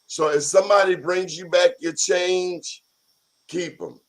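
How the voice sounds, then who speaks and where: A man's voice: sits high, fairly even intonation, unhurried. A man co-hosting a talk show in casual chat, joking and teasing his guest.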